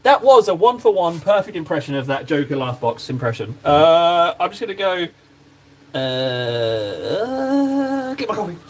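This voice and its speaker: A man streaming as he paints miniatures, talking loosely to his chat. His voice sits a little high for a man and bounces around a lot as he jokes and teases himself. There is a faint hiss under his voice. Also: sing-song, measured pace. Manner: joking, self-mocking, bantering with chat. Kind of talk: casual livestream chat while painting miniatures.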